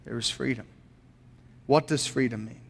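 A man's voice: medium pitch, normal speed, creaky, husky, big-room sound. A man preaching a sermon as a pastor, earnest and posing rhetorical questions to his congregation in a church.

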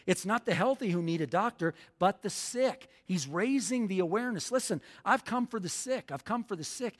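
A man preaching a sermon as pastor, emphatic, repeating lines for the congregation to say back. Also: high voice. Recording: long hall reverb.

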